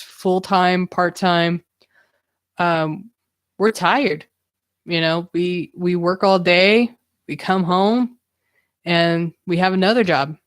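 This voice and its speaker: A young woman hosts her own podcast live stream in a fairly low voice, recorded with studio quality and no room sound. Her casual solo talk is candid, self-reflective, and a bit rambling.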